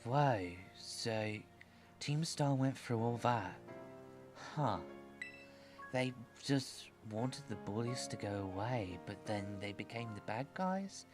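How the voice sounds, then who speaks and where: A male VTuber talks over his playthrough in a slow, unhurried way, tossing in sarcastic asides. His voice sits at an ordinary middle pitch, and faint game music runs behind him. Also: animated. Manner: chatty, laughing, sarcastic asides. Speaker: streamer, VTuber. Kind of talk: let's-play commentary.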